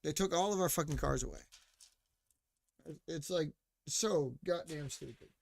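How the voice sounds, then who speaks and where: A man's voice: fairly high pitch, unhurried, gravelly. A man ranting casually as a podcast host, profane and mocking, full of fillers like "like" and asides to listeners. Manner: responds to chat or co-host mid-rant.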